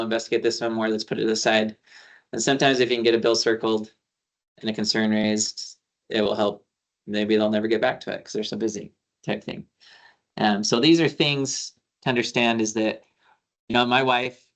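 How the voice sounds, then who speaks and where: A male attorney leads a civic training in a casual talk, sharing anecdotes with quoted dialogue and plenty of fillers. His voice is lowish and a bit bright.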